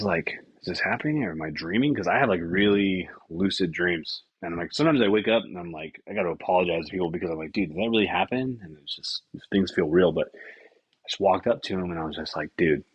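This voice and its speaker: A young man with a low, husky voice tells loose, profane stories packed with fillers as a podcast host. The recording is dry and a little dull. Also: a little fast, no echo. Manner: rambling, profane, many fillers. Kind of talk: casual storytelling.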